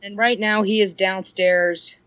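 A woman chatting casually on her podcast, telling stories with a self-deprecating humor. Her voice is mid-pitched, and the recording sounds dry and slightly dull. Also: fairly even intonation, unhurried, fairly bright tone, no room sound. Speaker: podcast host. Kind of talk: casual chat.

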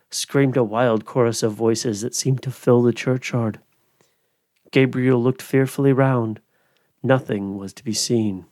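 A man hosting a podcast, giving a slow, expressive reading of a Victorian ghost story. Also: mid-range voice, no echo, studio quality. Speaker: podcast host.

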